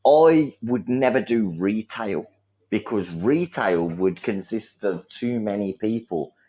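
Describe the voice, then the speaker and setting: A man with a somewhat low voice, chatting bluntly on a podcast. He swears freely and acts out his own friendly greetings to coworkers. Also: expressive, takes it slowly, warm tone. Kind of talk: casual podcast chat.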